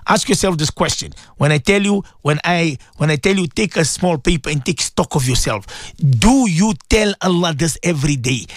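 A man hosting an early-morning devotional radio show, his voice sitting high for a man. He preaches with fervour and repeats himself, climbing into excited exclamations and then sinking low and hushed. The studio sound is dry and close, with no room around it. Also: normal speed, no echo. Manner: fervent, repetitive, preacher-like, swings between high exclaiming and low hushed tones. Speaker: radio host.

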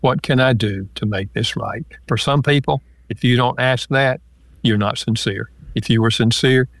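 A man guest, an author and counselor, calmly explaining ideas step by step with examples in a relaxed interview. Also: mid-range voice, normal speed, no echo.

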